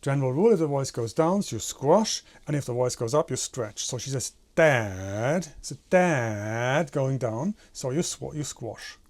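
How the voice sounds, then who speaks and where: A man's voice: mid-range voice, expressive, moderate pace, hardly any pauses, dark tone. A man teaching animation in a tutorial, explaining step by step and demonstrating with his own head and hands. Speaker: animation instructor.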